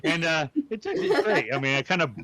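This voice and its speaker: A man's voice: fairly high pitch, wildly swooping pitch, a little fast, bright, forceful tone, no room sound. Joking, rambling man co-host. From Arkansas. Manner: rambling, joking, many restarts. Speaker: podcast co-host. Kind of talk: casual chat.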